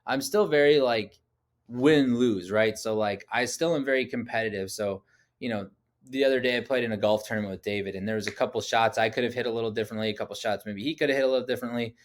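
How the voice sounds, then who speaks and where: A man in his thirties, a podcast guest, telling personal stories in a casual interview. He talks in an animated way, often says "like", and acts out quoted dialogue. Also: medium pitch, fast talker.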